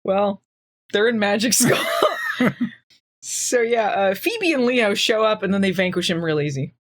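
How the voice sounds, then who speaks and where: This podcast host speaks unhurriedly in an expressive mid-range voice. She recaps a TV episode casually and sarcastically, acting out quotes and laughing frequently.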